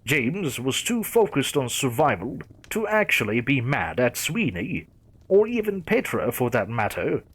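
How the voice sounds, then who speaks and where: A male narrator telling a horror story in a dramatic, measured reading. His voice is husky and moves with lively pitch.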